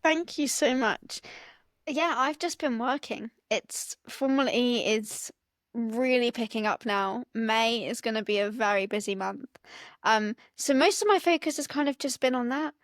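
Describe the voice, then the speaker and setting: A woman's voice: a little high, a little slow, no room sound, studio quality. A young woman co-hosting a podcast, playful and self-mocking. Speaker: podcast co-host. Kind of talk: casual chat.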